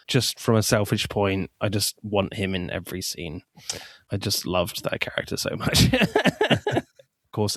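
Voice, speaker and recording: A man's voice: on the low side, no room sound, studio quality. A man co-hosting a casual film podcast, laughing often as he chats. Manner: giggly, laughs often, acts out film quotes. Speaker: podcast co-host.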